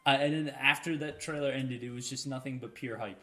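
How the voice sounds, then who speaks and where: A man co-hosting a casual podcast chat, animated and excitable, often laughing. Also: medium pitch, fairly quick. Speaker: podcast co-host.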